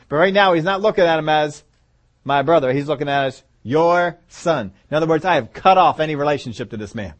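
A man's voice: fairly high pitch, fast. A man preaching a sermon in a conversational way, asking the listeners rhetorical questions. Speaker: pastor.

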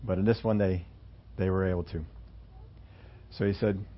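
Man preaching, low voice, halting storytelling with restarts, dull lo-fi sound. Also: steady tone. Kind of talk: sermon storytelling.

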